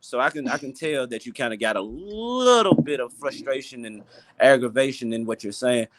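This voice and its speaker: Animated, slangy man hosting a chat. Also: medium pitch, moderate pace. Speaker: podcast host. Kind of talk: casual chat.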